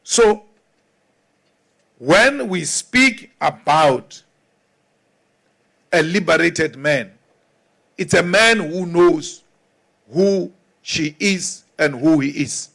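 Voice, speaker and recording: A man delivers a political speech. He speaks slowly and deliberately, in a fairly high voice, and leans hard on each point. Now and then he slips into mocking asides. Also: expressive, vocal fry, fairly bright tone. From South Africa. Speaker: political leader.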